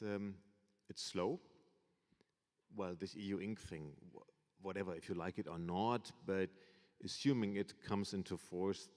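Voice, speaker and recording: A man, a professor, moderating a panel discussion in a measured way, thinking aloud. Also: low voice, darkish tone. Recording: long reverb of a lecture hall.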